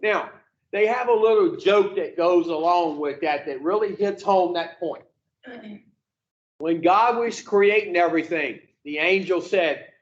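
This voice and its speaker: Man, high-pitched, recovery group speaker, profane, rhetorical questions, muffled lo-fi sound. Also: moderate pace. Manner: profane, plain-spoken, fires rhetorical questions at the room. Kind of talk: blunt motivational talk to a group.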